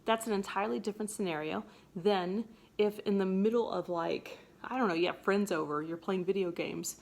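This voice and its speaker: A woman's voice: medium pitch, fairly quick, creaky, a little mellow. A woman teacher casually explaining a play scene, chatty and playful, acting out lines in voices. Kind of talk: casual literature lesson.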